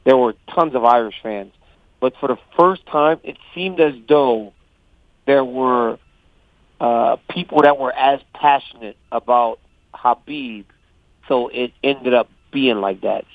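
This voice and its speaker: Man talking lively on a dull phone line. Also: mid-range voice, slow, no echo. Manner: animated storyteller, quotes others in lively voices. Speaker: guest fighter calling in. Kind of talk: casual phone interview. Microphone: phone call.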